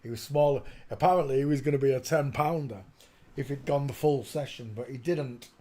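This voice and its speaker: A man's voice: mid-range voice, a little fast, dark tone. An older man hosting a rambling live stream from his home desk, chatting, greeting viewers and humming to himself as he clicks around. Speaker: livestream host.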